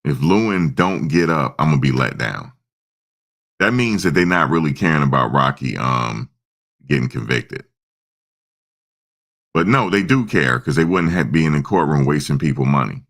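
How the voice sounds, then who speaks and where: Very deep gravelly-voiced man rambling. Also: expressive, normal speed, pauses often, a bit bright. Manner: rambling, chats with viewers' comments. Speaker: livestream host. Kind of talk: casual live-stream chat.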